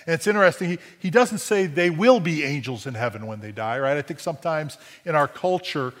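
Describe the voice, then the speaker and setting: A man's voice: a little high, expressive, brisk, hardly any pauses, fairly bright tone, big-room sound. A man preaching a sermon in a conversational way, often asking "right?" and restarting phrases, with dry humor. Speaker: pastor.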